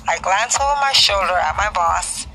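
A woman reading a memoir aloud in a lively storytelling way. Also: mid-range voice, normal speed, soft background music, low-quality recording. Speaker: book reader.

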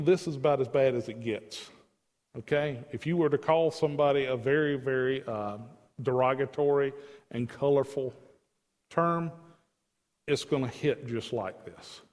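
A man's voice: mid-range voice, normal speed, big-room sound. A man teaching a Bible study, reading scripture aloud and explaining it in an emphatic, conversational way.

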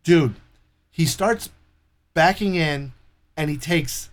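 A man with a somewhat high voice tells a story in casual conversation. He swears freely and acts out each person in lively quoted dialogue. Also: takes it slowly. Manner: profane, animated retelling with quoted dialogue.

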